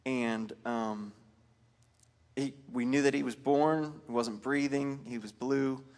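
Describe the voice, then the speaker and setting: A man's voice: mid-range voice, steady tone, slow, darkish tone. A man speaks casually to his worship team during rehearsal, telling a long personal story in a loose, rambling way. He keeps stopping and restarting and fills the gaps with ums and likes. His voice carries a long, ringing hall reverb. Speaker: worship leader.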